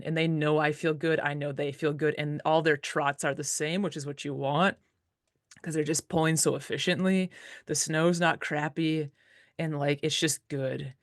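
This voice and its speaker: A relaxed woman talking about mushing in a chatty, easygoing way, peppering her sentences with fillers and quick laughs. The sound is dry and close, with almost no room around her voice. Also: sits low, dry recording. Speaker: dog musher, interview guest. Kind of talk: casual storytelling interview.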